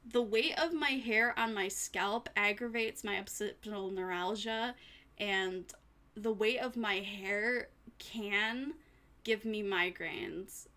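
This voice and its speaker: A woman's voice: medium pitch, sharp tone. A tired woman streaming casually, rambling to herself and her chat with little laughs. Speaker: vtuber streamer.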